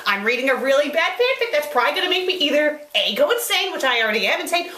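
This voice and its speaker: A woman hosting a comedic fanfic review, melodramatic, swinging between shouted threats and hushed whispers to calm herself. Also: high-pitched, quick pace, few pauses. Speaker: fanfic reviewer, show host.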